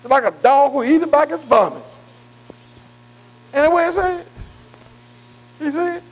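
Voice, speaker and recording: A man's voice: very high-pitched, expressive, a little slow, long pauses, rough recording. A man preaching a sermon in call-and-response style, emphatic and repetitive, often asking the congregation questions and stretching key words.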